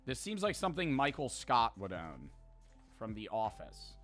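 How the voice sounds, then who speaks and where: A man's voice: mid-range voice, huge pitch swings, normal speed, a bit bright, soft background music. A man streaming, reading jokes aloud from a book and chatting about them with small laughs.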